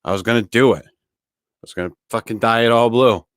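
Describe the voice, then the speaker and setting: A man's voice: mid-range voice, fairly quick, fairly bright tone, no echo. A man co-hosting a podcast, ranting casually with lots of swearing and restarts. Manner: profane ranting, many restarts. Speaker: podcast co-host.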